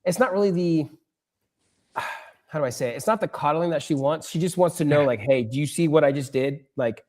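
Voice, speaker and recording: Young guy on a podcast, slightly higher voice, telling stories about his little girl, doing her lines. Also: brisk, a little mellow. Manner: storytelling, acting out his daughter's lines. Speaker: podcast co-host. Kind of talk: casual chat.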